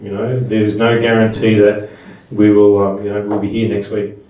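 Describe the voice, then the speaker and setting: Middle-aged man, mellow low voice, chatty storytelling talk, very echoey room, far from the mic. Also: completely flat delivery, normal speed, a little hiss or hum. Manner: conversational and anecdotal, with frequent restarts. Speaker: speaker at a Buddhist seminar. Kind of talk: talk to a live audience. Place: room with an audience.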